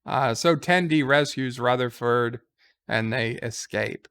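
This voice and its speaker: A man's voice: mid-range voice, slow pace, a bit bright, smooth. A man casually recapping a TV episode as a reviewer, rambling with fillers and quoting lines.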